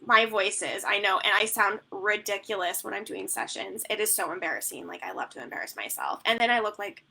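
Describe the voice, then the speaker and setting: A woman's voice: mid-range voice, animated, a little fast, creaky, sharp tone, husky, rough recording. A woman newborn photographer answering questions in a live online Q&A, rambling and chatty with plenty of "like" and "um". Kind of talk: live Q&A teaching.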